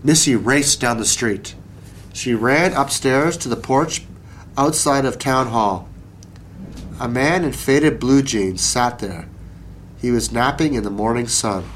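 Male narrator for a children's storybook, slow and gentle pacing. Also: mid-range voice, a little hiss or hum, poor audio.

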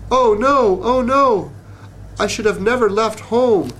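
A man voicing a small, fretful female termite in a storybook reading, with a high, plaintive, whiny voice. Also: very animated, takes it slowly, a little hiss or hum, exaggerated voice, poor audio. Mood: wailing.

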